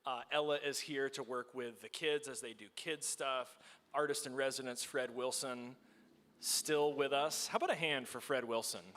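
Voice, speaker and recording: A man's voice: medium pitch, normal speed, sharp tone. A man in his forties leading a church liturgy, chatty and self-deprecating, with many fillers. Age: 40s. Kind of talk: casual church service talk. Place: church hall. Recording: long echoing hall reverb.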